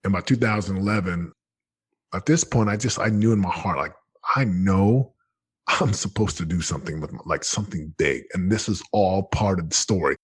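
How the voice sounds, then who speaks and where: A man in his thirties telling his story as a podcast guest, earnest and animated, often acting out what he said. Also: low voice, moderate pace, slightly rough, dry recording, clean studio sound. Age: 30s. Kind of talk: candid storytelling.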